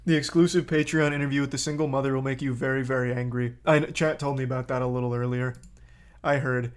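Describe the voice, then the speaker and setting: A man's voice: medium pitch, fairly even intonation, fast. A man streaming live, reacting to a video with blunt, profane commentary that gets heated.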